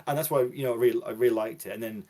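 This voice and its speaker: A man speaking quickly in casual podcast chat, rambling from one memory to the next. He restarts phrases often and laughs a lot. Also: medium pitch, fairly even intonation, dark tone. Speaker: guest on a gaming podcast.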